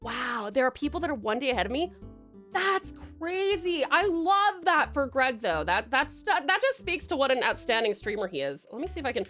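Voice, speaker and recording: High bouncy woman streamer chatting w her chat, giggles a lot, lots of ums, faint music underneath. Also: big pitch swings, moderate pace. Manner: giggly, chatty, warm toward chat, many fillers. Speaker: livestreamer. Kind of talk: casual livestream chat.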